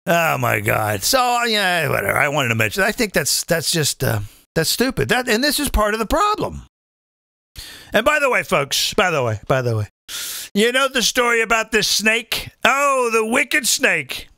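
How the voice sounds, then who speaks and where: Male comedy host, high and bright, big pitch swings, dry close sound, profane rant. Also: moderate pace, gravelly, dry recording. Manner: animated, profane, addresses viewers as folks. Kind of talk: live comedic political rant.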